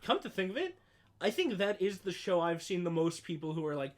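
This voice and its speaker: Higher-voiced man in casual chat. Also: very animated. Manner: opinionated, swears often, quick asides. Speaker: podcast co-host.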